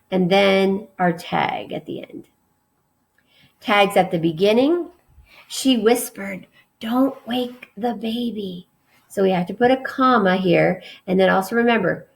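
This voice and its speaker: Woman teacher, gravelly fry-heavy voice, recorded lesson, reads examples with emphasis. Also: medium pitch. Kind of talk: remote classroom lesson.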